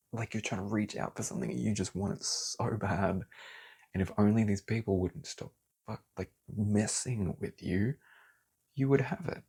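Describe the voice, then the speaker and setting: A man's voice: low voice, slightly rough. A man giving a casual tarot reading, talking heatedly, swearing and then apologizing for it. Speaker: tarot reader.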